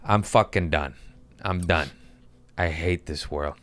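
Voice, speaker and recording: A man's voice: deep voice, takes it slowly, fairly bright tone. A man who is a comedian hosting his podcast, ranting in an exasperated, profane way with comic timing. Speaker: podcast host.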